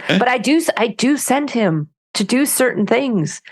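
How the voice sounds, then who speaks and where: A woman author, a podcast interview guest, telling lively anecdotes and often restarting her sentences. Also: on the high side, measured pace.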